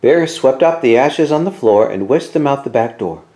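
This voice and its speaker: A man reads a children's picture book aloud in an expressive, storytelling manner. His voice is mellow and warm, and his pitch rises and falls a lot to keep young listeners engaged. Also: moderate pace. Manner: expressive and animated.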